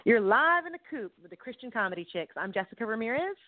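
Lively giggly woman on a phone line. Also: fairly high pitch, fast talker, over loud music. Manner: encouraging, giggly, animated. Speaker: co-host. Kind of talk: casual chat. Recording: tinny phone line, dry.

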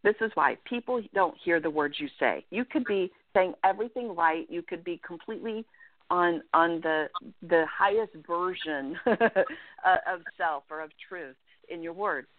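A woman life coach giving earnest, animated advice as a guest in an interview, often checking in with "right?". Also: on the low side, unhurried, dry recording. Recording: dry, tinny phone-line sound.

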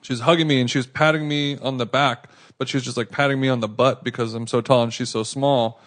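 A man's voice: mid-range voice, fast talker. A man co-hosting a podcast, telling a rambling anecdote in casual chat with lots of restarts. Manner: rambling, animated anecdote with acted quotes. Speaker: podcast co-host.

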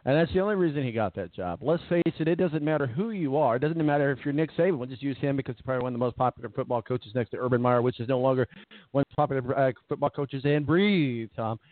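A man's voice: medium pitch, rapid-fire, dry recording. Joking sports talk man on a phone line. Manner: jokey, rambling, trails into asides. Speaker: sports talk show co-host. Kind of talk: casual sports radio banter. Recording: tinny phone-line sound, dry.

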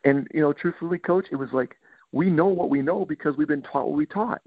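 Gravelly man on a tinny line. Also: fairly high pitch, brisk, no echo. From Michigan. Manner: animated storytelling, acts out players' quotes. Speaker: football coach. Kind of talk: podcast interview. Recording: tinny phone-like line, dry.

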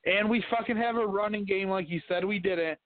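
A man's voice: sits high, a little fast, dry recording. A man co-hosting a casual podcast chat, telling profane, ranting stories and arguing. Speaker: podcast co-host. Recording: dry, phone-like tinny audio.

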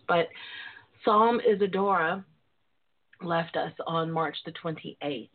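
A woman with a raspy voice and a Southern twang, hosting a casual talk show. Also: deep voice, takes it slowly. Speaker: podcast host. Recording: tinny phone line.

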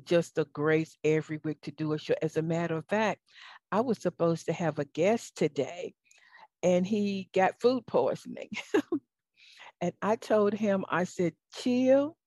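A woman hosting her own talk show alone, speaking emotionally and warmly about faith to her listeners, with fillers and stammered restarts. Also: fairly low pitch, unhurried, no room sound, clean studio sound. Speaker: talk show host and life coach. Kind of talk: solo talk show monologue.

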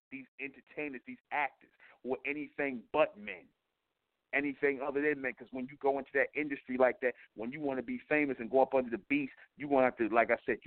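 A man with a mid-range voice lectures his radio audience in a blunt, profane, sermon-like monologue. He circles back on his points and keeps checking in with his listeners. The sound is thin and tinny, as if it came down a phone line, and it is dry, with no room echo. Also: medium pitch. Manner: preachy and repetitive, keeps asking "you see?". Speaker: internet radio talk show host.

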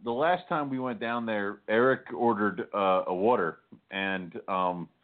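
A man's voice: lowish voice, measured pace. A man co-hosting a casual chat, joking and laughing often as he talks. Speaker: co-host. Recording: tinny phone-like line.

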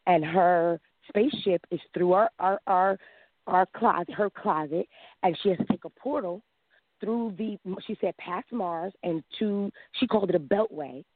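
A woman in her thirties calling in, telling a long personal story in a lively way, acting out quotes and laughing often. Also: lowish voice, no room sound. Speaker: caller. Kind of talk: casual storytelling. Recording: dry tinny phone line.

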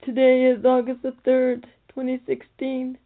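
A woman's voice: high voice, completely flat delivery, a little slow. Tearful woman, tinny phone-like sound. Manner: earnest, tearful, pleading. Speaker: prophetic message speaker. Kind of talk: relayed prophetic message.

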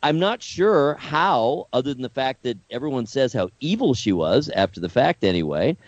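Podcast host dude thinking out loud, lively pitch, dry kinda muffled mic. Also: male voice, dry recording. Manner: reflective, measured musing. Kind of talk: casual interview conversation.

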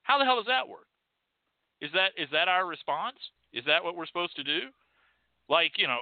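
A man hosts his show in a sarcastic, profane rant. His fairly high voice swings up and down a lot. The sound is dry and thin, like a phone line. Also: lively intonation, a little fast, no room sound. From Texas. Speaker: show host. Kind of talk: ranting monologue.

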